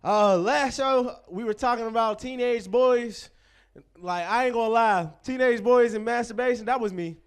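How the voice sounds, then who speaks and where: A man's voice: very high-pitched, normal speed, smooth. A man in his twenties from Pittsburgh, hosting a stand-up show with loose, profane banter and crowd work. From Pittsburgh, USA. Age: 20s. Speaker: comedy show host.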